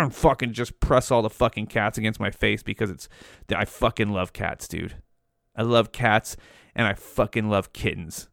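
A man's voice: on the low side, steady tone, moderate pace, gravelly, fairly bright tone, no echo, studio quality. A young man hosting a podcast, rambling in a casual monologue, swearing often and saying "dude" a lot. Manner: profane, rambling, says "dude" constantly. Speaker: podcast host.

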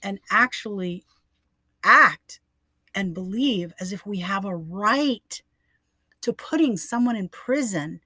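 A woman's voice: mid-range voice, lively intonation, slow pace, bright, forceful tone, slightly rough, no room sound. An older woman co-hosting a faith podcast, speaking emphatically and encouragingly. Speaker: podcast co-host. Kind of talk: casual faith podcast chat.

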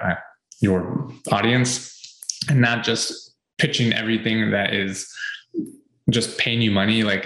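A man with a lowish voice talks through business tips in an earnest, casual way, circling back to his points with ums and uhs. His voice rings a little in an echoey room. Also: a bit bright. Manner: earnest, repeats points with fillers. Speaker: podcast co-host. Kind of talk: casual advice chat.

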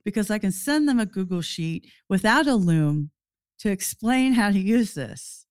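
A woman co-hosting a casual podcast, talking in an animated, blunt way and acting out what clients say. Her voice sits at a middle pitch. It is recorded close and dry, with no room sound. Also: moderate pace, dry recording. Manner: animated, swears, acts out client quotes. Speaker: podcast co-host. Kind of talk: casual chat.

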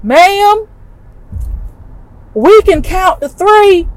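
A woman voicing a sweet-voiced ride operator with a Southern US accent, speaking in a calm, sweet way. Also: very high-pitched, very slow, pitched above the performer's own voice, heavily acted, low-quality recording. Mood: sweetly matter-of-fact.

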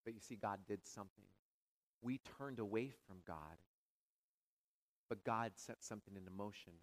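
A male pastor preaching a sermon, with dramatic rises into near shouting and hushed, quiet drops. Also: lowish voice, vocal fry, low-quality recording.

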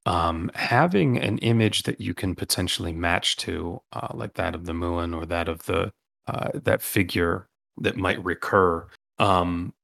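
Deep gravelly male game master. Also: a bit bright. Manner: rambling, many ums and restarts. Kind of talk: narrating a tabletop game.

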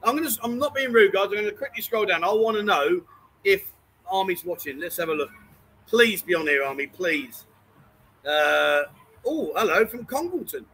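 A man's voice: sits high, animated, moderate pace, fairly bright tone, breathy edge, rough recording. A man hosting a casual live stream from a bar, teasing his co-host and reading out viewer comments. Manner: teasing banter, reads viewer comments aloud.

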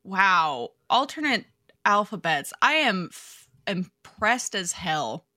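Lively, blunt-talking woman. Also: mid-range voice, slow pace. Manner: blunt, emphatic, swears freely. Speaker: podcast co-host. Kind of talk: casual chat.

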